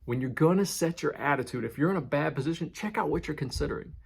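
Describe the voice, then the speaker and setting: In a New York City church, a male pastor delivers a casual, conversational sermon in a slightly high, creaky, somewhat rough voice at a quick pace. He stresses key words by repeating them.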